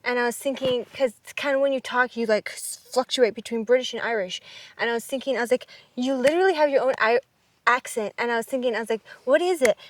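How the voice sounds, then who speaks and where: A woman's voice: a little high, fast talker, far from the mic, slight background noise. A woman co-hosting a casual family vlog, chatting playfully and giggling often. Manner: giggly, playful, tries mock accents. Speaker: older sister, co-host. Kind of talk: casual chat.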